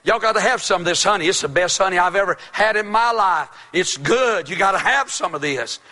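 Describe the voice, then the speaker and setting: Eager young strongman, as a preacher puts him on, urging, excited, quick, bright-voiced. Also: sits high, in a large hall, pitched above the performer's own voice. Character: young strongman, eager, honey-smeared, delighted.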